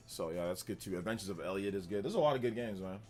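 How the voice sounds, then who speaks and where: A man with a fairly low voice hosts a gaming live stream in a loose, rambling way, reacting to viewers as he goes. Faint music plays quietly behind him. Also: quick pace. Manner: relaxed, rambling, answers chat and laughs often. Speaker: gaming livestream host. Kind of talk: casual live-stream chat.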